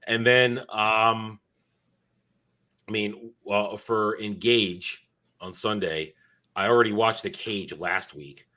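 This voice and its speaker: Brief: male streamer, tired, rambly casual chat, bright forward tone. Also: fairly low pitch, fairly even intonation, slow, long pauses. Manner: rambling, self-correcting, chatty. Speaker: streamer hosting his own show.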